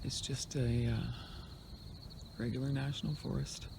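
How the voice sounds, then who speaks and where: Man, road-trip vlog, chatty and rambling, gravelly edge, handheld phone outdoors, wind noise and crickets. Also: medium pitch, little pitch movement, measured pace. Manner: rambling, chatty, trails off and restarts. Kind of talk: casual chat to camera. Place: outdoor forest campsite.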